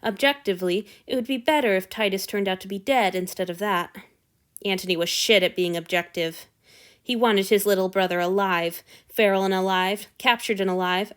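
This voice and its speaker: A woman reading fan fiction aloud with expressive storytelling narration. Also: mid-range voice. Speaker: audiobook reader.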